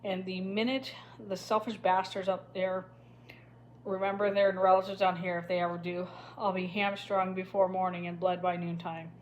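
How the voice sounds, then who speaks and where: A woman's voice: on the low side, little pitch movement, moderate pace, a little hiss or hum, natural voice. A woman voicing a scheming middle-aged male official who speaks in a lazy, self-satisfied drawl. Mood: sly drawl.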